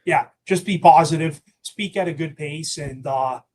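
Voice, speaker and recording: A man's voice: on the high side, moderate pace, darkish tone, slight background noise. A man who represents the test organisation, answering in a reassuring, easygoing way with many fillers. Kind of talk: webinar Q&A.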